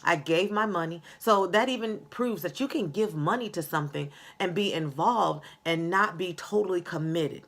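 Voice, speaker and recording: A middle-aged woman gives a motivational talk in a low voice with a gravelly edge. She speaks slowly and earnestly, with the odd filler. Her tone stays encouraging as she addresses the listener directly. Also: fairly bright tone.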